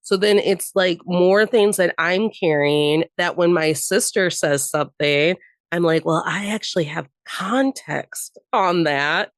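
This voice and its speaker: A young adult woman appears as a podcast guest, her voice lowish and a little slow with no room sound. In casual chat she tells personal stories candidly, laughing often and swearing freely.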